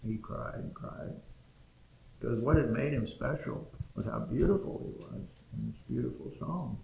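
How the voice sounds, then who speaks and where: A man's voice: mid-range voice, normal speed, vocal fry, darkish tone, a little hiss or hum. A man telling an old animal folktale in a folksy, rambling way, recorded in an echoey room. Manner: folksy, rambling, frequent "you know". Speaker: storyteller.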